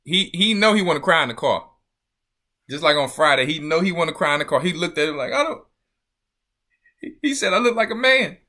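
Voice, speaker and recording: A man hosting an online show, giving casual, animated commentary on video clips with laughing, preacher-like asides. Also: on the high side, fast talker.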